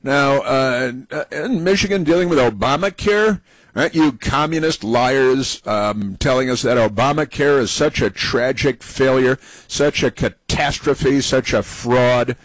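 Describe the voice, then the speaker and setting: A man's voice: medium pitch, no echo, poor audio. Mocking male talk radio host, dry sound. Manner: rambling, mocking, sarcastic. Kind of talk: opinionated talk radio commentary.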